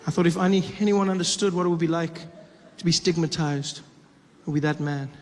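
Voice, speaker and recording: Animated male stand-up comedian from Africa. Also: a little high, brisk. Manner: animated, acts out characters with big shifts in voice. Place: comedy stage. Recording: echoey live venue with long reverb and audience noise.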